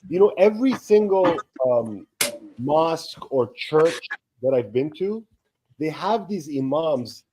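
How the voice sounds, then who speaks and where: His voice a little high and his pace slow, this thirty-something co-stream host tells long, meandering stories in casual chat, animatedly voicing the people he quotes. The recording is low quality, with slight background noise.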